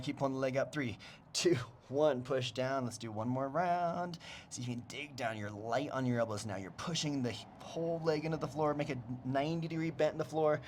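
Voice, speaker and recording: A man's voice: medium pitch, a little hiss or hum. A man leading a home mobility workout on a new mic, giving cues and countdowns and joking as he goes. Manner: coaching cues, counts down, jokes and laughs. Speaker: fitness instructor. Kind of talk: guided mobility class instruction. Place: home, lawn blower outside. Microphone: new microphone.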